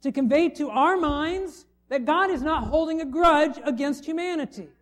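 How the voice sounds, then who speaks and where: A man's voice: extremely high pitch, normal speed. A middle-aged man preaching a sermon, conversational and full of rhetorical questions to the congregation. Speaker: pastor.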